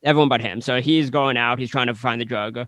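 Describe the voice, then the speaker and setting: A man's voice: mid-range voice, steady tone, fast talker, a bit bright, no room sound. A man co-hosting a casual podcast chat, blunt and opinionated, acting out characters' lines as he argues his point. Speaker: podcast co-host.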